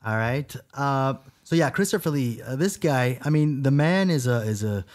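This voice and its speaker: A man's voice: mid-range voice, expressive, moderate pace. A man co-hosting a casual horror podcast, rambling with lots of fillers. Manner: rambling, full of "you know" and "uh" fillers. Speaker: podcast co-host.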